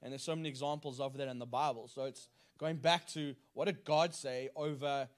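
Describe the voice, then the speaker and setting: A man's voice: medium pitch, fairly even intonation, fairly quick. A man on a church panel, sharing his calling in an earnest, talkative way. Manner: earnest, retells with acted quotes. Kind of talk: testimony in a panel discussion.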